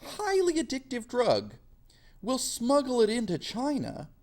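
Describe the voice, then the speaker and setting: Man doing a scheming British trader, breezy, cynical, raised pitch, gravelly. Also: huge pitch swings, a little slow, darkish tone, exaggerated voice. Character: smug scheming British imperial trader, male adult.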